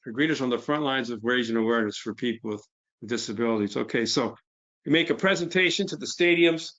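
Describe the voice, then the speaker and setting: A man's voice: medium pitch, a bit bright, lo-fi sound. A middle-aged man gives a casual presentation about his nonprofit, talking freely with fillers and restarts. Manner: conversational, fillers, quotes others. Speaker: nonprofit founder. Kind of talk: webinar presentation.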